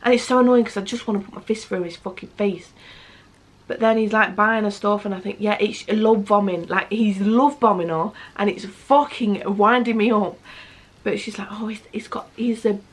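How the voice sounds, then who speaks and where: A woman's voice: medium pitch, moderate pace. Blunt, sweary woman chatting to camera. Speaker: book vlogger. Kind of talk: casual book review chat.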